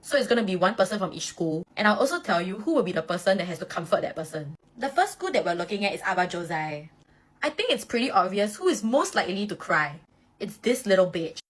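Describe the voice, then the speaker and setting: A woman's voice: mid-range voice, sing-song, quick pace. A young woman chatting casually and dramatically about anime characters, with gossipy asides. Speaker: anime fan commentator. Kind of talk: casual fan commentary.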